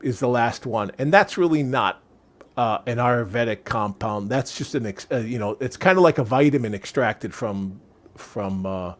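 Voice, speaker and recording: A man's voice: mid-range voice, normal speed. American man, 60s, chatty interview guest, meandering delivery with frequent restarts. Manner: rambling, restarts and searches for words. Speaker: guest, wellness product maker. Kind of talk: casual interview talk.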